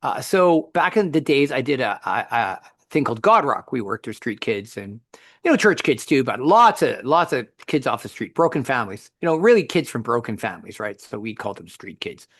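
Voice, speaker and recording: Animated male storyteller, dry close sound. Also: medium pitch, a little fast, no echo. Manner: animated storyteller, frequent restarts. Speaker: podcast co-host. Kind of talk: conversational storytelling and teaching.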